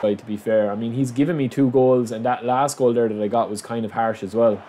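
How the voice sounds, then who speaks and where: A man commentating on his own football video game match, excitable, calling his viewers lads and bursting into shouts at big moments. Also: mid-range voice, a little fast, a little hiss or hum. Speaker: gaming YouTuber.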